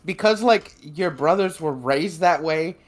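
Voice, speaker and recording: A man's voice: fairly high pitch, measured pace. A man co-hosting a podcast in loose, casual chat, swearing and laughing as he talks about his father. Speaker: podcast co-host.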